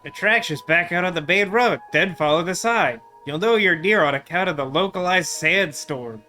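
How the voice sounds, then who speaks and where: A man voicing a rude, grumpy male motel manager from a pixel-art adventure game, with gruff, slangy, sarcastic talk. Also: high voice, lively intonation, normal speed, sharp tone, soft background music. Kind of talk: let's play voicing of game text.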